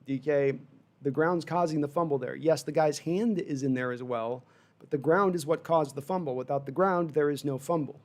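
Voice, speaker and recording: A man hosting a fan livestream, giving rambling, animated live sports reaction with frustrated asides while reading chat. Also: fairly high pitch, normal speed.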